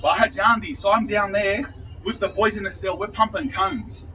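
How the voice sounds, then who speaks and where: A man's voice: high-pitched, fairly even intonation, moderate pace, bright, forceful tone, distant mic, a little hiss or hum, low-quality recording. A man with an Australian accent casually telling a rambling story, swearing and laughing at himself.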